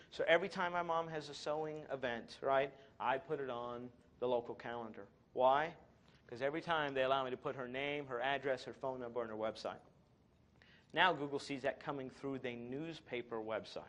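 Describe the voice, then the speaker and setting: Upbeat male seminar presenter, a touch high-pitched, with dry sarcasm and self-mockery. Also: fairly quick. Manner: energetic, sarcastic and self-mocking. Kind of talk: live marketing talk to an audience.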